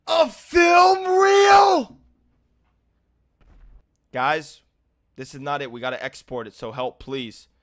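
A young man with a lisp doing live gameplay commentary, who swings between low muttering and loud, swearing rage outbursts. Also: fairly even intonation, moderate pace. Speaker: gaming streamer.

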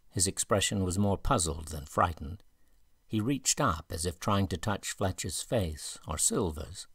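A man narrating a southern gothic audiobook in an even, measured way. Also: low-pitched, vocal fry, slightly rough, no room sound, studio quality. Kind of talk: scripted narration.

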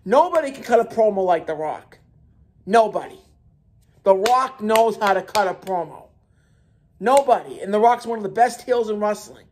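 This man runs his own wrestling commentary channel and rants solo about wrestling, heated and emphatic, repeating points and restarting words. His voice is high with lively intonation, his pace moderate, and there's slight background noise.

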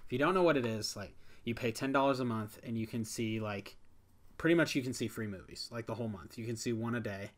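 A man's voice: mid-range voice, quick pace. A young man co-hosting a podcast in casual chat, talking loosely with many fillers. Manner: ranting, frequent "like" fillers. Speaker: podcast co-host.

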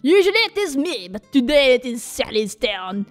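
A woman voicing an eccentric young male art student with a put-on French accent, slow and theatrical. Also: high-pitched, very animated, soft background music.

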